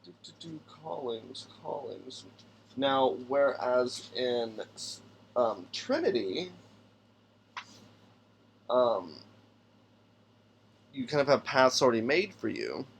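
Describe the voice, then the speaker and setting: A man's voice: medium pitch, sing-song, slow pace, creaky, long pauses, slight background noise. A man hosting a tabletop game podcast, thinking aloud as he builds a character and reads out rulebook passages, sometimes stumbling over names. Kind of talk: casual solo character-building talk.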